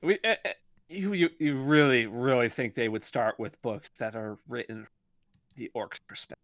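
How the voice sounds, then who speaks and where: A man co-hosting a casual book club podcast, talking in halting, stammering bursts and laughing along. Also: medium pitch, fairly bright tone, dry recording, clean studio sound. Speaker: podcast co-host.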